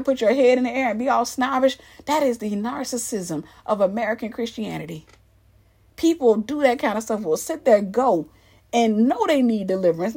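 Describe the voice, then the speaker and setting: Woman, animated church-culture commentator, pitched a touch high, emphatic delivery. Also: slightly rough. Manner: emphatic and animated, acts out the people she mocks.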